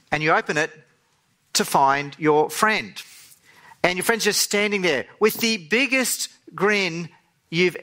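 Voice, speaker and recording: Bright, lively male preacher. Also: fairly high pitch. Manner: animated storyteller, acts out voices in the tale. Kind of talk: sermon with storytelling.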